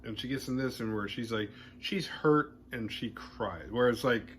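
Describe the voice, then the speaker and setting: On his horror movie podcast, a man walks through a film's story with loose, lively, cheekily crude energy. Mid-range voice, normal pace, slight background noise.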